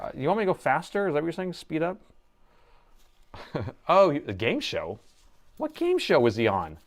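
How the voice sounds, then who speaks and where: A middle-aged man hosting a live repair stream, talking to his chat as he works. He is playful and excitable, jumping from the task at hand to banter with the viewers. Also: mid-range voice. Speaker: host and laptop repair technician.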